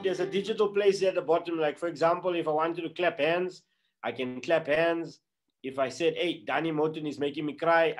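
A man with a South African English accent, presenting chattily and upbeat to a church group on a video call. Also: on the high side. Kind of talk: casual online meeting presentation.

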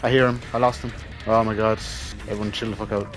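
A man giving casual, swear-heavy commentary over his own gameplay, excitable and panicky. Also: fairly low pitch, fast talker, over music. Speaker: gamer making funny-moments videos.

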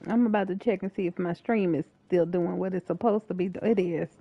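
A woman's voice: on the low side, fairly even intonation, fairly quick, dry recording, dull audio. A woman streaming a co-op video game, chatting playfully and swearing while she plays. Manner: playful, swears and laughs often. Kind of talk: casual gaming chat.

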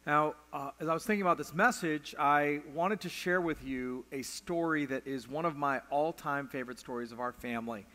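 Male pastor, middle-aged, higher-pitched voice, storytelling sermon, lingering church reverb. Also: normal speed, few pauses, sharp tone. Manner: storytelling with frequent "uh" fillers. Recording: long church hall reverb.

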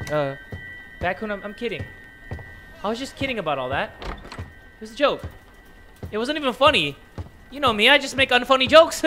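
A man's voice: high voice, bright, forceful tone. A man doing jokey let's play commentary, talking to the game characters and yelping at jump scares. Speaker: gaming video creator.

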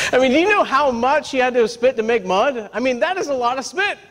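A male pastor with a high voice delivers a lively, humorous sermon, often stopping to ask his congregation for an "amen". His voice carries a long reverb from a large church sanctuary. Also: moderate pace. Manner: lively, talks straight to the congregation with repeated "amen?" and "right?"; humorous, folksy storytelling.

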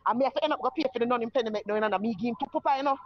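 A woman's voice: fairly high pitch, racing, dry recording, lo-fi sound. A woman with a Jamaican accent tells her own story in casual talk and acts out the voices of the people in it. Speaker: guest telling her story.

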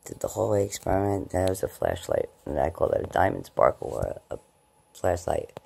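A woman vlogging casually at home, rambling about her day and her eyesight, and slipping into high baby talk with her cats. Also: big pitch swings, fairly quick, gravelly, warm tone, slightly rough. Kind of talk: casual late-night vlog. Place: at home, indoors.

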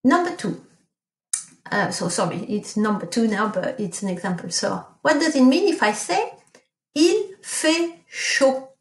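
This recorded online French lesson features a very animated female teacher with a mid-range voice and a roomy sound. She explains patiently, with fillers and self-corrections, giving slow, careful model pronunciations of French words.

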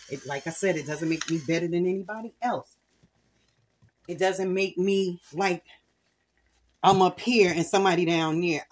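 A woman's voice: low voice, a little hiss or hum. A middle-aged woman hosting a home cooking video, talking candidly and earnestly about her faith while she cooks. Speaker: cooking channel host. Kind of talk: casual cooking vlog with personal testimony.

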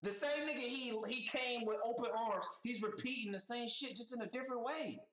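A man's voice: very high voice, fairly quick, reverberant, low-quality recording. A man hosting a reaction video, talking in a casual, profane, slang-heavy way, repeating his points with lots of emphasis. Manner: animated, profane, street slang, repeats himself. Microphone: headphones on, desk mic.

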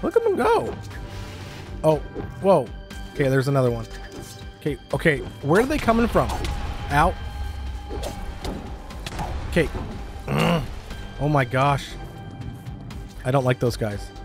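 A man narrating and reacting live as a gaming YouTuber, excitable and quick to cry out in alarm. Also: a little high, faint music behind. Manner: excitable, lots of startled exclamations. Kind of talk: let's-play commentary with narration.

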